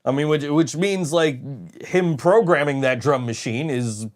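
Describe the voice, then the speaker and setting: A man's voice: fairly high pitch, a little slow. A man hosting a podcast, telling a rambling story in casual chat, swearing often and laughing as he goes. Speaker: podcast host.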